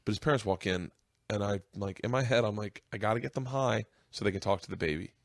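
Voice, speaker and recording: A man hosting a podcast, telling an emotional story in casual chat, his voice climbing high as he gets choked up. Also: quick pace, vocal fry, dry recording, clean studio sound. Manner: emotional, voice rising high as he tears up. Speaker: podcast host.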